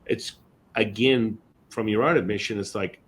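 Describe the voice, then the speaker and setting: A man's voice: fairly low pitch, normal speed, a little hiss or hum. A middle-aged man hosting a spiritual podcast, telling stories in a rambling, casual way with many restarts. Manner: rambling storyteller, frequent restarts and "you know". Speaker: podcast host.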